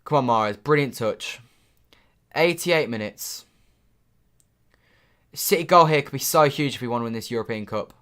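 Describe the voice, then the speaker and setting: A young man commentating live on a football match for his stream, muttering between plays and shouting when his team scores. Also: mid-range voice, normal speed, long pauses, smooth. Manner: excitable, swings from muttering to shouting at goals.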